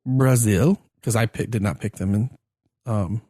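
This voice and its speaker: A man's voice: on the low side, a little slow, mellow, husky, no echo, studio quality. A man co-hosting a casual sports podcast, playful in his banter. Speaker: podcast co-host. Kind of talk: casual chat.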